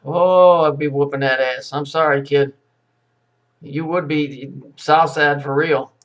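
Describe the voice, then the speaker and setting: A man's voice: a little high, steady tone, takes it slowly, heavy background noise. A man giving a profane, sarcastic running commentary as he reacts to news clips, mocking and cursing as he goes.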